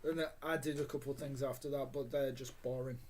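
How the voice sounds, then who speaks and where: A young man co-hosting a casual chat, talking haltingly with fillers. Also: mid-range voice, fairly even intonation, darkish tone, slight background noise. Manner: halting, with fillers and trailing phrases. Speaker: podcast co-host.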